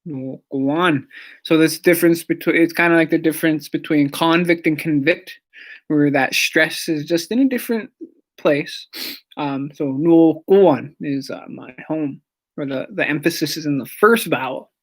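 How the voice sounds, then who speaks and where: A language teacher leads a lesson in a mid-range voice at normal speed. They say each word several times, sometimes whispering a repeat, and patiently explain how it's stressed. Short asides come up along the way.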